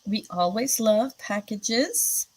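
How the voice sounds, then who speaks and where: A woman runs a live stream, rambling chattily with lots of fillers and replying to viewers' comments as they arrive. Her fairly high, husky voice is expressive and slow. The recording sounds rough.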